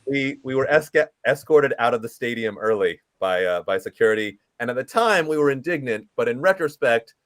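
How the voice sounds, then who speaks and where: A man's voice: medium pitch, expressive, brisk, hardly any pauses. A man from England co-hosting a live chat, telling a story with self-deprecating humor and laughing along. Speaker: co-host.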